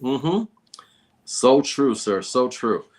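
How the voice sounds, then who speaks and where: A man's voice: mid-range voice, expressive, very slow, a little hiss or hum. A man hosting a book discussion, reading passages aloud and riffing on them in a repetitive, folksy, preacher-like way. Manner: repetitive, folksy, sermon-like emphasis. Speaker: book review host.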